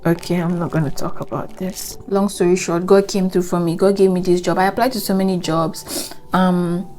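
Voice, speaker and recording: A woman's voice: fairly low pitch, level tone, normal speed, darkish tone, faint music behind. A young woman with a Nigerian accent giving a rambling, earnest life update, full of "you know" fillers. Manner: earnest and reflective, speaking of faith. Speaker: vlogger. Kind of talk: casual life update monologue.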